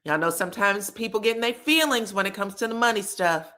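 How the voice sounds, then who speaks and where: Sassy woman host, chatty gossip commentary, mid-pitched voice. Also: brisk, sharp tone. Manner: sassy, chatty, calls viewers "child" and "girl". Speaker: pop culture commentator. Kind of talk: casual reality TV gossip commentary.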